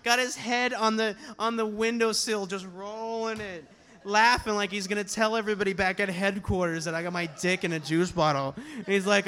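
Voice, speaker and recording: Bright-voiced man telling a comic story. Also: sits high, fairly quick, smooth. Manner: animated, acts out the story, swears casually. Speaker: touring slam poet performing. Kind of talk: live comic storytelling on stage. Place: poetry slam venue, live audience.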